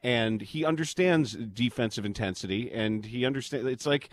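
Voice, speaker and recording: Man, sports radio host, casual talk, animated, dry close studio sound. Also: medium pitch, moderate pace, no room sound. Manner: animated, mock-outraged bursts.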